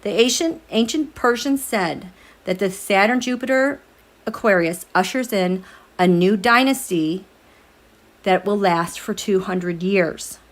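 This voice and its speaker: A woman hosting a tarot livestream at night, chatting casually with viewers, animated, laughing often and reading their comments aloud. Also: mid-range voice. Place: home, at night.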